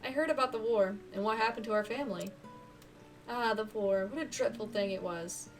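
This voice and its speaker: A woman voicing a tender, sorrowful dying mother in a video game, speaking softly and slowly. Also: mid-range voice, far from the mic, faint music behind, close to an everyday voice.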